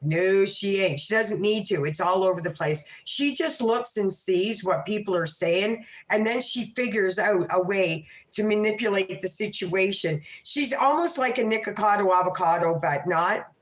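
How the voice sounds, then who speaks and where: Casual woman host on a late-night stream, swears a lot, rambles and gossips, mid-pitched voice bouncing around an echoey room. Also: normal speed, hardly any pauses. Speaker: livestream host. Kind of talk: late-night livestream chat.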